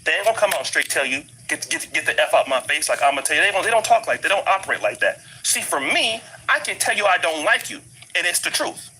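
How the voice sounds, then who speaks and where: A man's voice: high voice, animated, fast, pushed and bright, slight background noise, rough recording. A middle-aged American man with an African American English accent, living abroad and delivering a blunt, emphatic commentary rant that hammers the same points over and over. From United States. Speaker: commentary vlogger. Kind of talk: ranting commentary.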